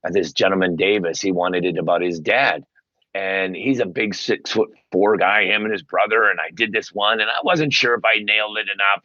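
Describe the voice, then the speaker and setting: Enthusiastic male guest, expressive and emphatic, on a dull lo-fi line. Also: no echo. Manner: animated storyteller, acts out quotes with big pitch jumps. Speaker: guest, paid sports superfan. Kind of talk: casual interview talk.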